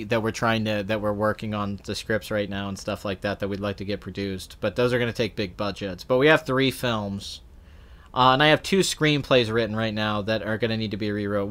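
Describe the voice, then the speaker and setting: A man's voice: medium pitch, fairly bright tone. A man hosting a casual film livestream, answering chat in a rambling way with many restarts and fillers. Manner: earnest, talks at length about films. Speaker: film channel host answering live chat.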